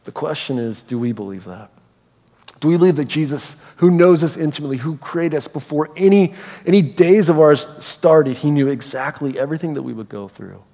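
A man preaching a sermon as a pastor, animated and acting out little voices for the people in the story. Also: a little high, fairly quick. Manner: animated, acts out voices of Bible figures. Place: church hall. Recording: long hall reverb.

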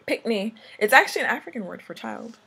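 A woman co-hosting a home vlog, casually teaching words, often laughing and slowly repeating words to coach. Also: fairly high pitch, lively intonation, gravelly, bright, forceful tone, slightly rough.

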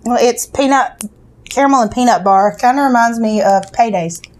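Chatty woman tasting snacks, slightly high. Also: normal speed, darkish tone. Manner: chatty, talks with her mouth full. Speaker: co-host of snack tasting channel. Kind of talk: casual unboxing chat, reading snack facts aloud.

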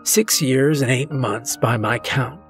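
A man voicing a weary, patient old male passenger on a train, speaking softly and quietly. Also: mid-range voice, faint music behind. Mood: reflective. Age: older. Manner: soft, quiet, measured.

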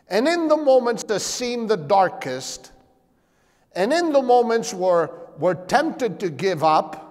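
A man preaching a sermon as pastor, asking rhetorical questions and calling for amens. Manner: animated, shifting pitch and volume. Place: church sanctuary. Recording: long hall reverb.

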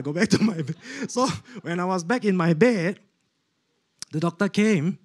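A man tells his testimony to a church, in a fairly high-pitched voice. He speaks with feeling, checks in with listeners through "okay?" and "my friends", and tells his story like a storyteller. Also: expressive, normal speed. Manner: emotional storytelling with "okay?" asides to the audience.

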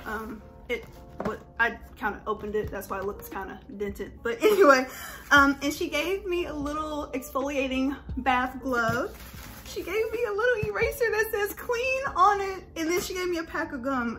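A woman's voice: on the high side, bright, forceful tone. Gushing young woman doing a hair vlog. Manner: chatty, gushing, slangy. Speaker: beauty vlogger. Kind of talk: casual hair tutorial vlog.

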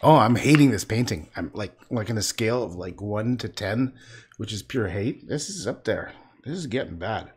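A man's voice: lowish voice, expressive, normal speed, husky. Guy painting on a stream, mutters and swears at his own work, voice jumps all over the place. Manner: self-mocking, swearing, muttering and half-whispering to himself. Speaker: artist livestreaming a painting. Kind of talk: casual running commentary while painting.

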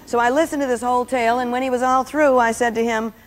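An older woman, a Christian speaker teaching on personality types, tells humorous anecdotes in her talk. Her voice is a little high, steady in tone and fast. The recording has long reverb and comes from an old VHS tape.

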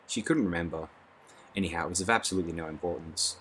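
A man narrating an audiobook in a measured, dry reading. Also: low-pitched, a bit bright, slight background noise.

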